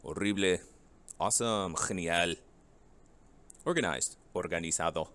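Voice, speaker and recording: A man's voice: low-pitched, expressive, unhurried, a bit bright. A man teaching a Spanish vocabulary lesson, reading each English word and then its Spanish match, and asking the class rhetorical questions.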